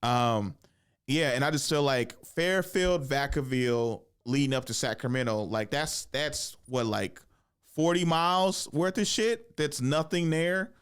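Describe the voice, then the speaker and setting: A man in his thirties, a comedian hosting a podcast, talking casually in a rambling, profane, animated way in a podcast studio. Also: mid-range voice, measured pace, smooth. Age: 30s.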